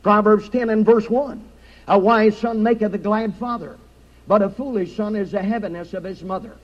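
A man's voice: high voice, fairly even intonation, moderate pace, muffled recording. A man preaching a sermon in a church, reciting scripture with an emphatic preaching cadence. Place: church sanctuary.

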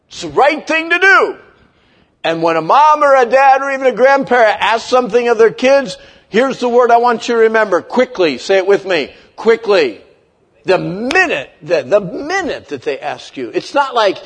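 A man in his fifties preaching a lively sermon, leading the congregation in call-and-response and acting out kids' complaints. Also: high voice, moderate pace, slightly rough. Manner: animated, playful, acts out kids' voices. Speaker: pastor.

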